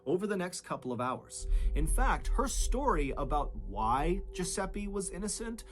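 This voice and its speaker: A man narrating a true crime story with dramatic shifts in pitch and loudness. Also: big pitch swings, normal speed, faint music behind.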